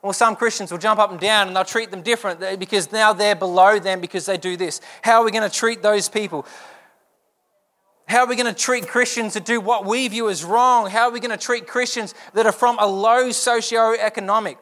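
A man's voice: high voice, steady tone, a little fast, fairly bright tone. A young adult man preaching a sermon as pastor, asking earnest repeated rhetorical questions.

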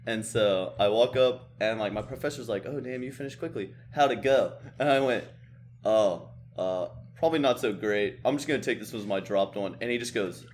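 A man's voice: fairly low pitch, moderate pace, a little mellow, a little hiss or hum. A young man on a podcast, telling a college story in a laid-back, cursing way. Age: young adult. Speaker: podcast co-host.

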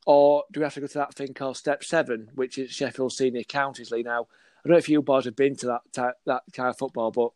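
A man's voice: medium pitch, quick pace, no room sound. A man, a football scout chatting on a podcast, acting out dialogue and laughing as he tells stories. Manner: animated storyteller, acts out dialogue, laughs often. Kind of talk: casual podcast chat.

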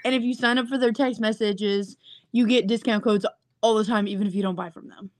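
A woman's voice: medium pitch, fairly even intonation, fairly quick, darkish tone, no echo. A woman co-hosting a podcast, chatting casually and laughing often. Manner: giggly, reacts with frequent laughs. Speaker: podcast co-host. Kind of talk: casual chat.

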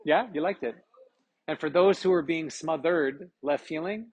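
Brisk, encouraging man with a husky voice. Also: on the high side. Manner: brisk and encouraging, with frequent "okay, very good" acknowledgements; laughs often while checking in with participants. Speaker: yoga teacher leading a group workshop. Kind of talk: live workshop instruction to a group. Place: live session at a retreat.

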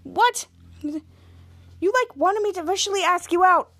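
A woman's voice: very high-pitched, lively intonation, measured pace, bright, forceful tone, pitched above the performer's own voice, exaggerated voice. A woman voicing a cocky, eager teenage boy while retelling a show's lines. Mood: upset.

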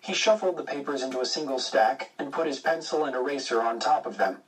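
Measured male audiobook narrator. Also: mid-range voice, distant mic, rough recording. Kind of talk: first-person audiobook narration.

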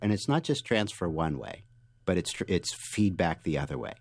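A man being interviewed as a guest author, telling stories with lively energy and frequent restarts. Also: low voice, moderate pace, no room sound. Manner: animated storyteller, restarts often. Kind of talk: interview answers.

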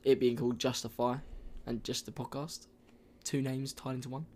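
An excitable young man chatting casually as a podcast co-host. His voice sits at an ordinary middle pitch, and he talks in quick slang and gets worked up as he pushes his ideas. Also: slight background noise. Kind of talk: casual chat.

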